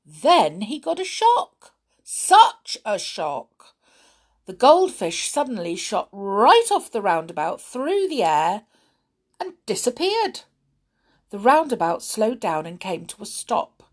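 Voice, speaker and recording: A woman's voice: mid-range voice, sing-song, slow. A woman reading a children's storybook aloud expressively, speaking to a young listener.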